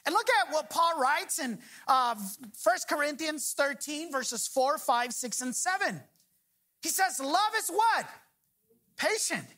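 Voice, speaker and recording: Woman, pastor, sermon, high voice, bright tone, emphatic, call-and-response. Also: lively intonation. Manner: emphatic preaching, slowing on key phrases, prompting the congregation to finish lines.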